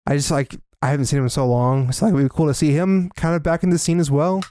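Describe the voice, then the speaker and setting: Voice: medium pitch, steady tone, quick pace, mellow. A podcast co-host chatting casually about esports, rambling with lots of fillers. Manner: rambling, filler-heavy, laughs easily.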